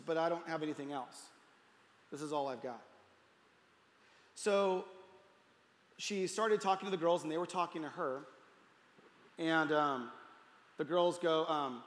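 High-voiced man preaching in an echoey hall. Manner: storytelling, voices quotes, softens to near hush at tender moments. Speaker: pastor. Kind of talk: sermon story. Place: church hall. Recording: roomy hall reverb.

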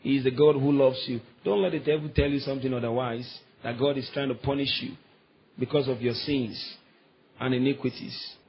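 A man's voice: medium pitch, steady tone, fairly quick, breathy edge, muffled recording. A man preaching a sermon, quoting scripture and calling on the congregation to answer back. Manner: preaching with scripture quotes and call-and-response. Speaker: pastor.

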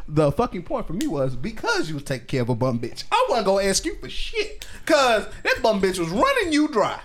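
A man's voice: sits high, huge pitch swings, a little fast, fairly bright tone. A young man in a casual chat with friends, teasing and joking a lot, often laughing as he talks.

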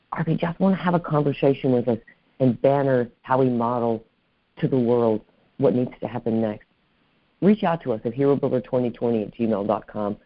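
A man's voice: medium pitch, no echo, highs cut off. A man hosting an interview podcast, speaking effusively and often adding "right?" to his points. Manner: effusive, warm thanks, repeats "right?". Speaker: podcast host. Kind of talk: casual interview chat.

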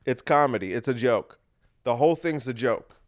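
A man's voice: medium pitch, lively intonation, normal speed. A man hosting a podcast, talking in a casual, wry and rambling monologue that circles back and repeats itself. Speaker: podcast host.

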